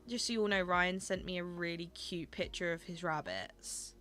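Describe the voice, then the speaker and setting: A woman's voice: fairly low pitch, moderate pace, few pauses, a bit bright. A young woman chatting casually with her viewers while she plays and streams a game, gushing over small things.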